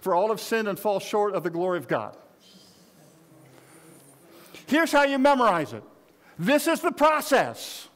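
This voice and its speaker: A pastor in his sixties with a notably high voice preaches in a loose, conversational way. He jokes with the congregation and speaks straight to them in a folksy tone. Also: big pitch swings, a little slow, pauses often, fairly bright tone. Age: 60s. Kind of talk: conversational sermon.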